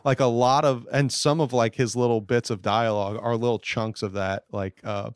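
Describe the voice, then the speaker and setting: A man's voice: mid-range voice, fairly even intonation, moderate pace, smooth, no room sound, clean studio sound. A man talking casually as a podcast guest, rambling with many fillers and restarts. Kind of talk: casual chat.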